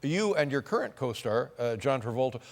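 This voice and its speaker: A middle-aged man hosting a talk show, asking halting questions full of restarts. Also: mid-range voice, very animated, creaky. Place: television studio. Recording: noisy studio.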